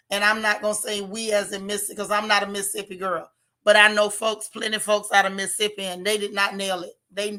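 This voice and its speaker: A woman's voice: medium pitch, pushed and bright. A woman with a Florida accent hosting a casual livestream, reading viewer comments and repeating her points with emphasis.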